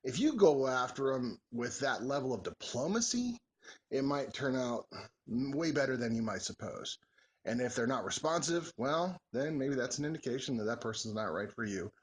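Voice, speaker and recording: A man's voice: mid-range voice, animated, normal speed, slightly rough. A man in his forties chatting casually as a vlogger, answering follower questions in a joking, rambling, folksy way. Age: 40s. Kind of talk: casual Q&A chat.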